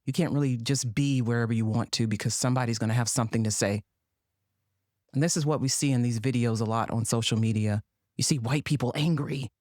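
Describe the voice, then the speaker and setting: A woman's voice: a bass voice, fast, a little mellow, dry recording, clean studio sound. A woman hosting a commentary monologue, sassy and sarcastic in her delivery. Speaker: podcast host.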